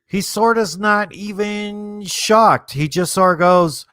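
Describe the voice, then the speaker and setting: Slow, laid-back man rambling. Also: high voice, a bit bright, no room sound, studio quality. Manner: rambling, laid-back, thinks aloud with many fillers. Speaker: streamer hosting a movie watchalong. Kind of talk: casual live commentary.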